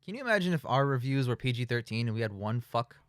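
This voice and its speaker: A man's voice: medium pitch, sing-song, quick pace, background noise. A man co-hosting a casual film review, sarcastic and nitpicking, swearing freely. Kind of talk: casual riffing commentary.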